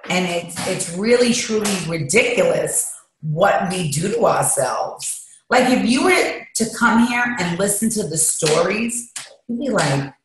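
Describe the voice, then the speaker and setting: Woman interview guest, lowish voice, confessional and rambling, heavy echo. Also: lively intonation, a little slow. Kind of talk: candid interview. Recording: echoey room.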